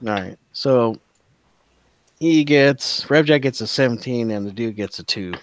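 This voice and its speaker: A man's voice: medium pitch, a little slow, dry recording. A man narrating as game master in a casual, profane style with many fillers.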